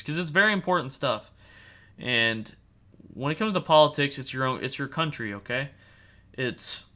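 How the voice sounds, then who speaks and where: A man's voice: mid-range voice, bright, forceful tone. A man hosting a solo podcast, giving an emphatic, opinionated rant full of rhetorical questions and repeated words. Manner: repeats and restarts words while ranting. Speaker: podcast host.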